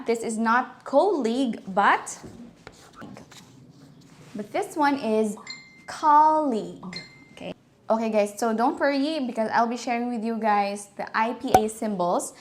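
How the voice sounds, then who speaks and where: Slow, careful Filipino woman teaching. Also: on the high side, slight background noise. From Philippines. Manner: slow deliberate enunciation, mixing in Tagalog, frequent laughs. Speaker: pronunciation teacher. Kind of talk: casual online pronunciation lesson.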